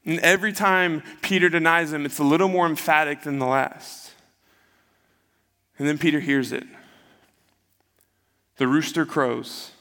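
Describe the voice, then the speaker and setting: A man's voice: a little high, sharp tone. A man preaching a sermon, retelling the story in a conversational way and acting out the quotes. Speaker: pastor. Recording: long hall reverb.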